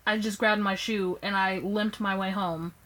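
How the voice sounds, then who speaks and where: A young woman casually telling a personal story to her phone camera, animated and acting out what people said. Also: normal speed, poor audio. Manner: animated, acts out quoted lines with raised pitch. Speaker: vlogger.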